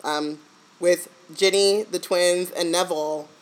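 Playful woman with a lowish voice. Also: fairly even intonation, takes it slowly, poor audio. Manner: playful, laughs a lot, jokes. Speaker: podcast co-host. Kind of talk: casual chat.

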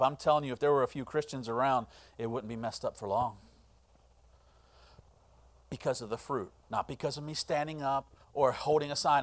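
A middle-aged male pastor delivering a sermon, swinging between hushed, earnest lines and loud, impassioned ones. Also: medium pitch, steady tone, brisk.

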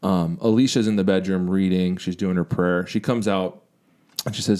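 A man's voice: sits low, steady tone, normal speed. A young adult man on a podcast, casually and candidly telling a personal story with self-deprecating humor. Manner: candid, self-deprecating, drops to a quiet reflective tone. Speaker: podcast co-host.

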